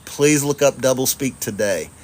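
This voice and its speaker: At a moderate pace and in a mid-range voice, a relaxed man from Charlotte, North Carolina, runs a casual livestream chat, going through viewer comments. He swears freely, laughs a lot and addresses his viewers as y'all.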